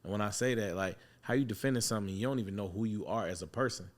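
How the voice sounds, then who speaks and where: A man hosting a barbershop talk, speaking bluntly and profanely in casual chat and telling stories with animated put-on voices. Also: fairly low pitch, quick pace. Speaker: barbershop owner and host.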